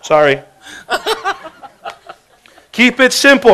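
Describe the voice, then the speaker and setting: A man giving an energetic, joking motivational sales talk. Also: high voice, moderate pace. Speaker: business presenter.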